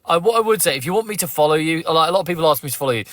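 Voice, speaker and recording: A man's voice: fairly high pitch, animated, rapid-fire, fairly bright tone, no echo, studio quality. An English man hosting a live phone-in stream in a casual, blunt and confrontational way. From England. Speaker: live stream host taking callers.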